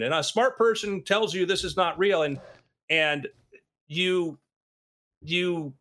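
A man in casual conversation who tells stories with energy and acts out the people he quotes, jumping high and low in pitch. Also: a little slow. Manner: animated storyteller, acts out quotes with big pitch swings.

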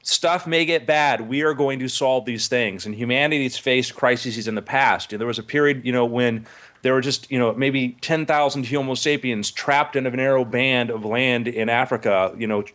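A man's voice: mid-range voice, moderate pace, fairly bright tone. A man in a casual podcast discussion, talking enthusiastically and rambling with asides.

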